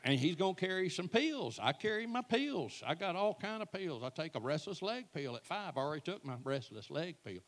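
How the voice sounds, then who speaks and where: A man's voice: sits high, big pitch swings, a little fast, hardly any pauses, a bit bright. A man, telling folksy, self-mocking comic stories at a church event. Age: 60s. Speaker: church speaker. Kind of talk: comic storytelling to a live audience.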